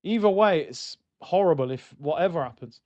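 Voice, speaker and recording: High-pitched, excitable streamer. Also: male voice, normal speed, dull audio. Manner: excitable, swings from loud outbursts to muttering. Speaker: watchalong streamer. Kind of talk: live football watchalong reaction.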